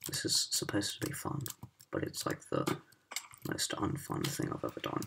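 A woman with a strikingly deep voice that swings widely in pitch, talking through a hard game in casual commentary. She grumbles, swears and drops to mutters under her breath, recorded on a laptop mic with keyboard clicks and a faint hiss behind. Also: huge pitch swings, a little slow, vocal fry, a bit bright. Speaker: gamer playing a parkour map.

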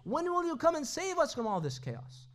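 High-voiced man giving a religious lecture. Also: wildly swooping pitch, moderate pace. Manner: recites Arabic hadith, then explains in English with rhetorical questions. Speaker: lecturer at an Islamic society. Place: Islamic centre lecture hall.

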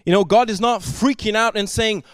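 High-voiced preacher, dry sound. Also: male voice, normal speed, clear, resonant tone, dry recording. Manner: earnest, swings from soft to loud and emphatic. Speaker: pastor. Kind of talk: sermon. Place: church service.

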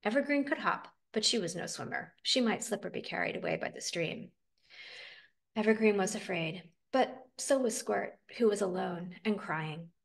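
Woman, storybook reader, dramatic expressive reading, creaky voice, mid pitch. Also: normal speed. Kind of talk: picture book read-aloud.

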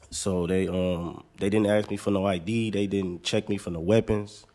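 A man's voice: deep voice, normal speed, hardly any pauses. An American man, a basketball player, casually and laid-back telling a personal story as a guest. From United States. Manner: relaxed, laid-back, says "man" a lot.

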